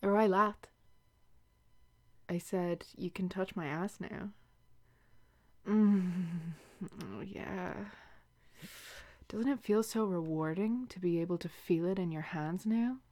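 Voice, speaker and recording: Slow, teasing Irish woman. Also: lowish voice. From Ireland. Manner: teasing, playful, slow and breathy with soft whispers. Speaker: audio role-play performer. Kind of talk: flirtatious audio role-play.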